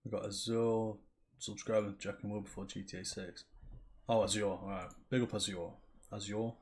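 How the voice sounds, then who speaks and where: A young man, co-hosting a livestream in offhand, relaxed banter and reading out viewer names and counts. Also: lowish voice, normal speed. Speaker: livestream co-host. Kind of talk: casual stream banter.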